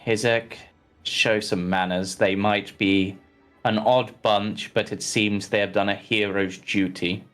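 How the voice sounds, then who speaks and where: A man puts on a pompous baron who talks slowly and grandly in a lowish voice. He plays the self-satisfied town noble in a tabletop game, with faint music in the background. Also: flat delivery, fairly bright tone. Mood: dismissive.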